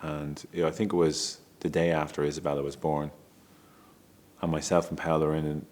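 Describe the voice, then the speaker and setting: Speaking a little fast in a flat, somewhat mellow way, a middle-aged father recounts a personal family story in his very deep, low-pitched voice. His telling is open and emotional, full of stumbles, restarted sentences, and little bursts of laughter.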